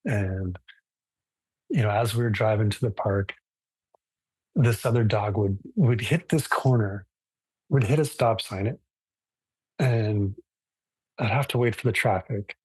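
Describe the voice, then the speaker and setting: A man teaching a relaxed live yoga class online, talking casually and thoughtfully, with frequent restarts. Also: on the low side, a little slow, pauses often, breathy edge, no room sound, low-quality recording.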